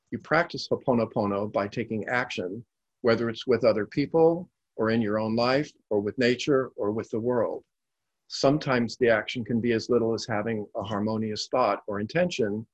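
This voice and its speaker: Husky man narrating calm stories. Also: medium pitch, dry recording, dull audio. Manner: measured, calm reading. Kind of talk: scripted storytelling narration.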